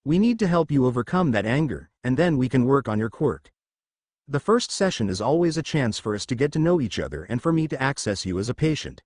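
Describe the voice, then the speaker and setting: A man voicing a calm, soothing middle-aged male doctor with a confident, measured manner in a storybook reading. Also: medium pitch, no room sound, studio quality.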